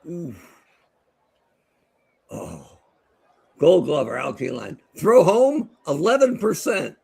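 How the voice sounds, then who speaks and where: A man's voice: on the high side, slow, gravelly, slight background noise. A middle-aged man co-hosting a podcast, telling stories in casual chat and calling a game with lots of laughing. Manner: animated storyteller, laughs often. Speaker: podcast co-host.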